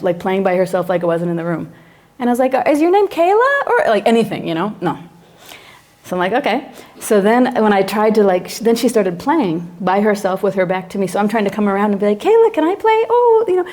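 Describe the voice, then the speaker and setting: Woman psychologist, class lecturer, lively storyteller who acts out scenes. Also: medium pitch. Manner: animated storyteller acting out her own reactions.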